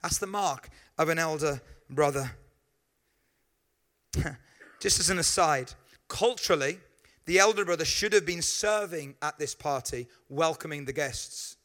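A man preaches to his congregation, weaving in stories and quick asides. His voice sits high for a man and rings bright and forward. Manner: lively storytelling with asides to the congregation. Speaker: pastor. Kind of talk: sermon.

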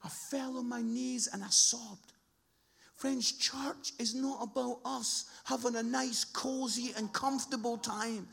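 High-pitched gravelly preacher man. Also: unhurried. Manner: animated storytelling, mimics people in high voices. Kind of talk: sermon.

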